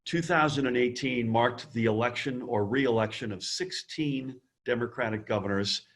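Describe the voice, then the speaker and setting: A man who chairs a governors association, giving prepared introductory remarks with emphatic calls to action over a video call. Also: medium pitch. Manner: emphatic, fundraising appeal with repeated calls to action.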